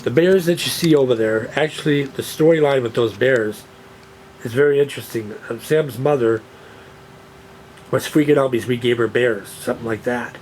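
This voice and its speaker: This vlogger speaks at a normal pace in a mid-range, slightly mellow voice, talking casually to his moving handheld camera indoors at home. He rambles, repeats himself and leans on fillers. The recording is rough, with a little hiss or hum.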